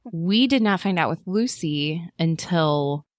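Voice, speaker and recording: Low-voiced woman telling a story. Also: unhurried, no echo, studio quality. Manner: animated storyteller, acts out quotes in a high voice, many fillers. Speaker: podcast guest. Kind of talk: casual chat.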